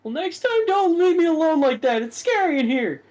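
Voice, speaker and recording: A man voicing a timid male character who whines in a high voice. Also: big pitch swings, normal speed, a little mellow. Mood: whining. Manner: whining, high. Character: whiny timid male character, scared alone.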